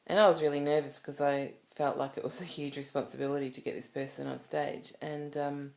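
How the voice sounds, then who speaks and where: A woman's voice: deep voice, flat delivery, a little fast, creaky, a little mellow. A woman talking to camera in a personal vlog, telling a story in a rambling, emotional way with many restarts. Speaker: vlogger.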